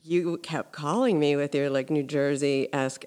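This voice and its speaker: A woman hosting a podcast interview, telling stories in an animated way, with lots of casual fillers. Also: deep voice, unhurried. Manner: animated storytelling, frequent "like" fillers. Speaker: podcast host.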